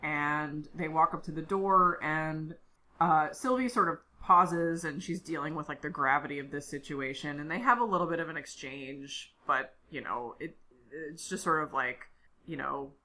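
A woman with a deep, sharp-toned voice co-hosts a podcast, speaking at normal speed. She casually recaps an episode in a chatty, storytelling way packed with fillers.

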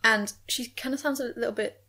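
A woman's voice: on the high side, fairly even intonation, brisk, pushed and bright. A young woman co-hosting a podcast, talking hesitantly and easily about a film. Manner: hesitant, easygoing. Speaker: podcast co-host. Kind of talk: casual film discussion.

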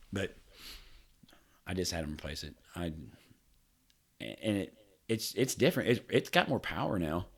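A man's voice: sits low, very animated, measured pace, vocal fry, long pauses. A man co-hosting a podcast, telling a rambling, profane story in casual chat with frequent laughs. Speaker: podcast co-host.

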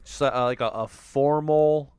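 Smooth-voiced man chatting about films. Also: medium pitch, fairly even intonation, measured pace, a little mellow, dry recording. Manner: chatty, laughs often, teasing. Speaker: podcast co-host. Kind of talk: casual film discussion.

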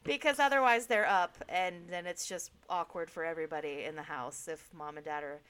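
A woman's voice: lowish voice, brisk, a bit bright, smooth. A middle-aged woman in casual chat with a friend, talking frankly and swearing freely. She tells her stories with easy laughter.

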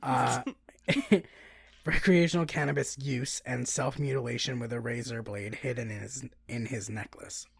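A woman's voice: rumbling low, steady tone, normal speed, creaky, slightly rough, no room sound. A woman co-hosting a podcast in casual chat, laughing often and rambling with many fillers as she reads out a plot summary. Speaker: podcast co-host.

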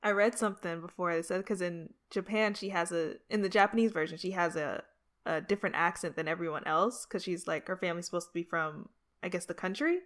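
A woman hosting a casual chat, relaxed, with frequent short affirmations and laughs. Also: lowish voice, fairly quick. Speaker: podcast host.

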